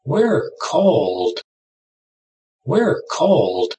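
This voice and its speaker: A woman reading words and short phrases aloud in a drill, saying each one twice and clearly. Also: sits low, big pitch swings, extremely slow, dark tone, distant mic, rough recording. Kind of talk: slow repeat-after-me drill.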